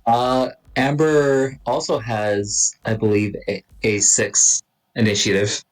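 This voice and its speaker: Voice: mid-range voice, level tone, slow pace, poor audio. A player chatting casually in a tabletop game, describing their character's actions.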